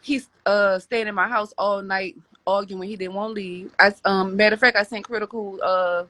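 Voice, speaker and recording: A woman's voice: mid-range voice, fairly even intonation, moderate pace, a bit bright, no echo. A woman telling a personal story as a podcast guest, rambling with many restarts and repeated words.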